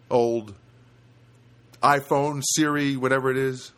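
Brief: man from New Jersey, casual solo podcaster in his apartment, mid-pitched, halting and rambling. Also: lively intonation, fairly bright tone. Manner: rambling, many fillers and restarts. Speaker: podcast host. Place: studio apartment.

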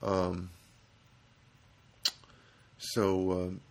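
A man's voice: deep voice, monotone, extremely slow, a little mellow. A man telling a humorous personal anecdote in a rambling, self-deprecating, grumbling way. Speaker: storyteller.

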